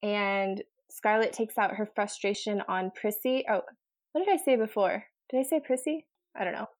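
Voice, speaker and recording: Chatty young woman retelling a story. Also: medium pitch. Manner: chatty, laughing, acts out characters' lines in quick paraphrase. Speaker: co-host retelling a novel. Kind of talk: casual chat.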